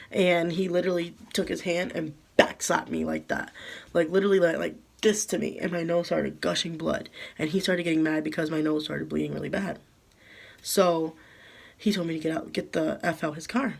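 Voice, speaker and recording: Casting note: young woman vlogger, gravelly fry, hesitant and emotional storytime delivery. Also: lowish voice, fairly even intonation. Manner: halting, many fillers like "um" and "like". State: emotional, holding back tears. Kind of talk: storytime vlog.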